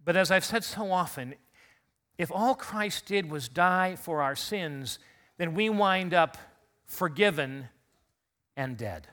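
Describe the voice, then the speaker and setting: Still recovering from illness, this male pastor delivers an Easter sermon in the church sanctuary, chatting conversationally and leading call-and-response with the congregation. His high voice is fairly bright with lively intonation, and he speaks slowly, pausing often.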